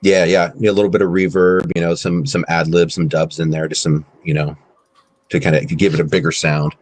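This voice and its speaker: A man guest talking in a casual interview chat over a streamed video call, relaxed and rambling with many fillers. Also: sits low, brisk, dry recording. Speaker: guest musician.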